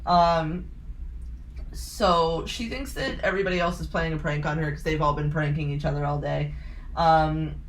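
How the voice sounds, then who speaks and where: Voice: mid-range voice, fairly even intonation, normal speed, slight background noise. A podcast co-host recapping a horror movie in a rambling, casual way, swearing freely. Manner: rambling plot summary with frequent swearing and laughs.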